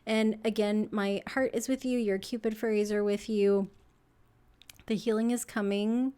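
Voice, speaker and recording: A young woman talks softly and loosely through an astrology reading, her sentences wandering and padded with "like" and "um". She is emotional and near tears, her voice welling up as she goes. Her pitch sits in a middle range for a woman. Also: steady tone, unhurried, smooth. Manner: soft, rambling, full of "like" and fillers. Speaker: tarot reader.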